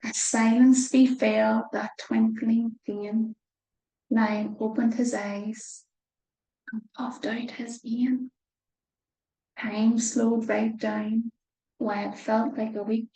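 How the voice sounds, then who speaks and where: Gentle woman reading slowly. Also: a little high, little pitch movement, creaky, reverberant, poor audio. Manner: gentle, slow, with soft whispered asides. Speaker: children's storyteller. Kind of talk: reading a picture book aloud.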